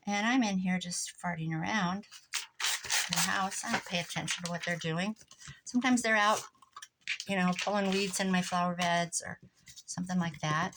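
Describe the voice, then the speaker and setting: A woman's voice: lowish voice, very noisy. Chatty woman in her sixties. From Iowa, USA. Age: 60s. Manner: rambling, animated anecdotes with asides about the craft. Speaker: crafting vlogger. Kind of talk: chatty storytelling while crafting. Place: home craft desk indoors.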